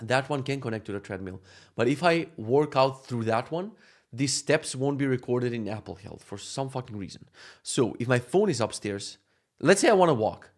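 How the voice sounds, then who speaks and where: A man talking off the cuff in an easy, joking way, with plenty of swearing as he tells his stories. His pitch sits right in the middle for a man. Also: normal speed. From Macedonia. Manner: profane, joking, animated storytelling. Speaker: vlogger. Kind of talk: casual monologue.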